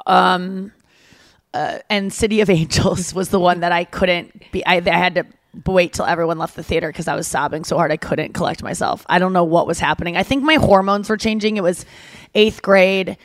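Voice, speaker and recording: A woman co-hosting a podcast in casual, giggly chat, swearing freely and telling animated stories. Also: fairly low pitch, normal speed, no room sound. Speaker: podcast co-host.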